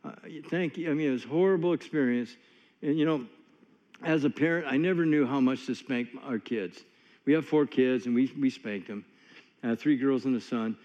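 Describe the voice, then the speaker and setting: A man's voice: mid-range voice, moderate pace, a little mellow. A man preaching a sermon in a folksy, conversational way, telling stories with many asides. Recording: long hall reverb, dull lo-fi sound.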